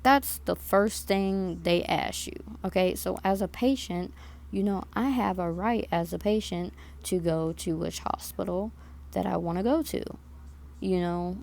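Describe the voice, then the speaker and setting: Indignant young woman with a gravelly voice. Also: on the low side, unhurried, a little mellow. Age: 20s. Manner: indignant, repeats herself with "like" and "okay?". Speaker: vlogger. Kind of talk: casual storytelling to camera.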